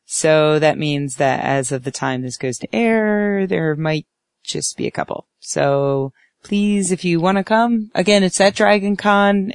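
A woman co-hosting a podcast, chatting casually and plugging upcoming events with quick asides. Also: lowish voice, clear, resonant tone, no echo, studio quality. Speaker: podcast co-host. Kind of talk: casual panel chat and announcements.

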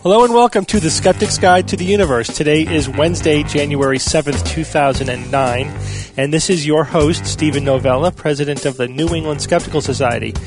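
An American man hosting a podcast, leading a relaxed panel chat. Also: fairly high pitch, fairly quick, music in the background. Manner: relaxed, leads the conversation. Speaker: podcast host.

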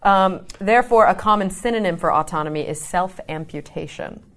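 A woman explaining things on a panel in a casual chat, measured and plain. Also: fairly low pitch, a bit bright.

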